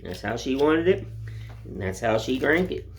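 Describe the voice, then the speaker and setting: A man's voice: mid-range voice, big pitch swings, moderate pace, vocal fry. A middle-aged man, chatting in a folksy, rambling way while whittling, filmed on a phone. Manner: folksy, rambling, plain-spoken. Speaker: woodcarving vlogger. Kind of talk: casual chat while whittling. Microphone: phone camera.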